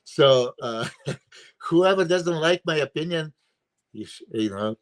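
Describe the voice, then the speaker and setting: A slightly high, animated male voice moves at a slow pace. He's a bodybuilding coach and guest analyst, first language Serbian, giving emphatic, opinionated podcast talk over a video call in a casual chat, leaning heavily on "you know" and "uh."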